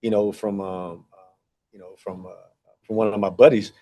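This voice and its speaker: This podcast guest, a track and field director in his forties, has a dark, low-leaning voice with fairly even intonation at a normal pace. He rambles casually through a long personal story, using lots of fillers and acting out dialogue.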